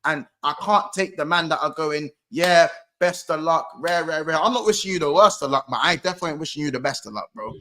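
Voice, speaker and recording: A man's voice: a little high, fast, few pauses, bright, forceful tone. A man co-hosting a casual football chat, emphatic and repeating his points. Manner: emphatic, repetitive, slangy. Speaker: podcast co-host. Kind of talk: casual banter.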